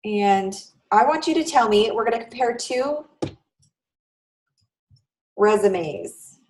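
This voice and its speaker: A woman's voice: mid-range voice, lively intonation, slow, a little mellow, distant mic, a little hiss or hum, rough recording. A woman instructor giving a live online class lecture in a conversational way, often checking in with her students. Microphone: video call.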